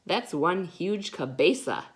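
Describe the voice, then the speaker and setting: Woman doing an excitable boy kitten. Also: fairly low pitch, takes it slowly, husky, pitched above the performer's own voice, exaggerated voice. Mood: amazed. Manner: excited, showy exclamations. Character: excitable young boy kitten, big pretender.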